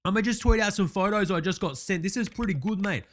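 Man playing a brash, foul-mouthed Australian sports bloke, high-pitched and sarcastic, comedy parody rant. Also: fast, a little hiss or hum, close to an everyday voice. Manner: swears constantly, sarcastic, says mate a lot.

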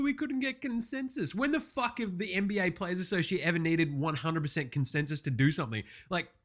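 Profane, ranting Australian sports host. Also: male voice, fairly high pitch. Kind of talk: casual sports recap commentary.

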